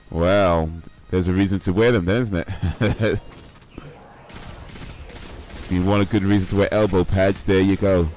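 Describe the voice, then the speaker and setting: A man's voice: deep voice, darkish tone, clear, resonant tone. A young man chatting casually while streaming a game, in a rambling, laid-back, slangy way. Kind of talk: casual live-stream chat while gaming.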